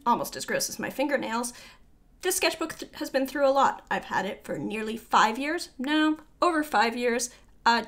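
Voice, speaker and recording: A woman recording a casual voiceover for her vlog, talking quickly and rambling, with self-deprecating asides and many fillers. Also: fairly high pitch, a bit bright. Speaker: artist giving a sketchbook tour. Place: home art studio. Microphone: voiceover microphone.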